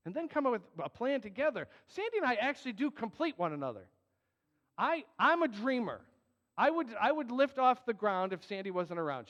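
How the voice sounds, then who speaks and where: A man's voice: very high voice, fairly bright tone. A man preaching as a pastor, earnest and emphatic with joking asides. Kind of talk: sermon. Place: church sanctuary. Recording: dull, long hall reverb.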